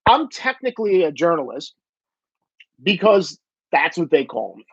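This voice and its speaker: A man with a thick New York–New Jersey accent, an independent journalist and vlogger, gives a blunt, profane opinion monologue. His high-pitched, slightly bright voice swings widely in pitch at an unhurried pace, captured in a dull, dry lo-fi recording with no room sound.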